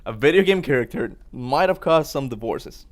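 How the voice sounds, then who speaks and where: A man hosting a stream, talking in a loose, rambling way. He gets excitable and laughs easily while reacting to clips. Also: mid-range voice, moderate pace. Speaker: streamer host. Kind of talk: casual reaction commentary.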